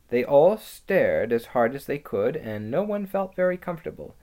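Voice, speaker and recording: An audiobook narrator reading a children's story in a lively, expressive manner. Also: medium pitch, normal speed, hardly any pauses. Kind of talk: scripted narration.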